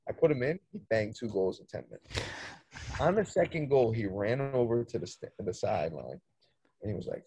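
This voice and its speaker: A man, a soccer coach, telling a story in casual chat, animated, swearing freely and acting out the dialogue. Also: medium pitch, quick pace, slightly rough, no room sound. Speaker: soccer coach, podcast guest.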